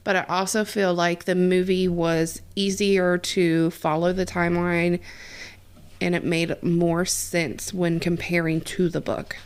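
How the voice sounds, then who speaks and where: A woman co-hosting a relaxed home podcast, recorded in a kitchen. She talks through details conversationally. Her voice sits on the low side for a woman. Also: smooth. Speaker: podcast co-host. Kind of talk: casual chat.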